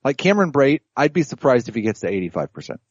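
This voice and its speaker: A man on a fantasy football podcast who speaks in a measured, data-minded way about his projections. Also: medium pitch, big pitch swings, slightly rough, no echo, lo-fi sound. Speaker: podcast analyst. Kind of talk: casual sports chat.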